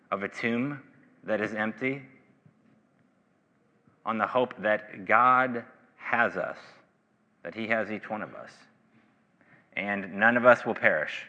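A low-voiced male pastor delivering a sermon with a very bright, forceful edge to his tone. He presses hard on key phrases, then sinks into hushed, low stretches. The sound carries a long reverb from the hall around him. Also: highs cut off. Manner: earnest, rising to emphatic bursts then dropping low.

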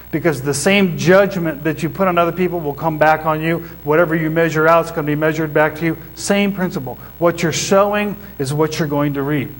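High-voiced preacher teaching a congregation. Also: male voice, rough recording. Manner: teaching, asks the congregation questions. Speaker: pastor. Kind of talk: sermon. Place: church before a congregation.

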